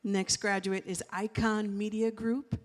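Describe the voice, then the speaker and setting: Slow-speaking woman announcer in a reverberant hall. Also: mid-range voice, little pitch movement. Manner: measured, reads names carefully. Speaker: announcer reading out graduates. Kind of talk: formal name announcements. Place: live graduation event hall.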